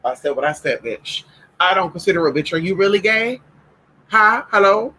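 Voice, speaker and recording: Sassy, animated man with a high voice. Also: normal speed, breathy edge, low-quality recording. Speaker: vlogger. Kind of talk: casual home vlog chat. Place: at home with pet dogs.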